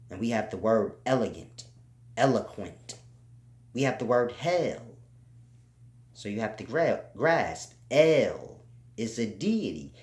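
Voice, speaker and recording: A man giving an informal spiritual teaching, slow and repetitive, spelling out letters for emphasis. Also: mid-range voice. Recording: roomy echo.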